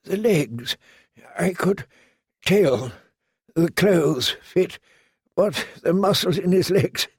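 A wounded old scholar talking in a faint, gentle murmur, as a male narrator voices him. The voice sits higher than the reader's own and comes out slow and a little gravelly. It sounds dry and close in the way a storybook reading does. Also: expressive, no room sound, heavily acted. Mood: faint, tender.

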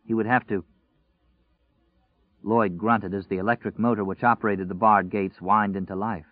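A man narrating a dark story in a measured, tense storytelling voice. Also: on the low side, steady tone, no echo. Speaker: audiobook narrator. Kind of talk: dramatic scripted narration. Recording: tinny, phone-like and dry.

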